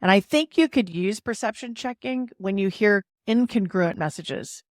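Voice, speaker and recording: A woman's voice: mid-range voice, normal speed, dry recording, studio quality. A woman hosting a podcast, explaining ideas in a casual, playful way and leaning on emphasis. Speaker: podcast host.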